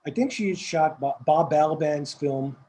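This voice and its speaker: An older man with a Staten Island accent, a film director telling rambling, animated stories in an interview, repeating words as he goes. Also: on the high side, moderate pace, slight background noise, rough recording. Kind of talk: casual storytelling interview.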